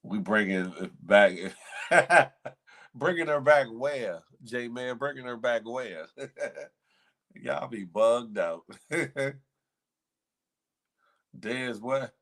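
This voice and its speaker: A man's voice: medium pitch, animated, very slow, pauses often, fairly bright tone. A man hosting a live morning show, casually chatting and reading viewer comments with playful banter, frequent laughter and slangy speech. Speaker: show host.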